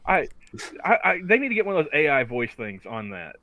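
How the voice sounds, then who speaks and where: A man's voice: a little high, big pitch swings, fairly quick, pushed and bright. A man co-hosting a podcast, joking around in casual chat with stammering restarts. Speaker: podcast co-host.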